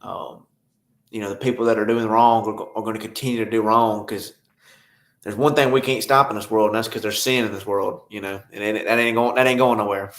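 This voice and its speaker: A man's voice: fairly low pitch, fairly even intonation, brisk, a bit bright, roomy sound. A man, a podcast guest who is a game warden, telling stories in easy, drawling casual chat and laughing often.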